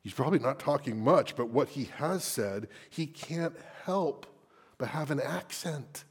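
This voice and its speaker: Slow, dramatic male preacher. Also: medium pitch, animated, breathy edge. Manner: dramatic, drops into hushed whispers for emphasis. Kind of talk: sermon.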